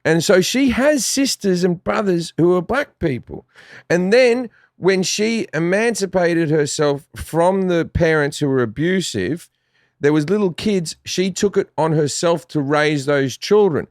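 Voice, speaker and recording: Australian man, casual podcast chat, blunt and sweary, higher voice, dry close sound. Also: expressive, a little slow, no room sound. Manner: blunt, profane, rambling with restarts. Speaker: podcast guest.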